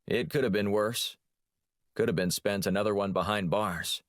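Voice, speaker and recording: A man voicing a brusque, gruff older spy chief who loves cigars. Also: lowish voice, normal speed, no echo, studio quality, natural voice.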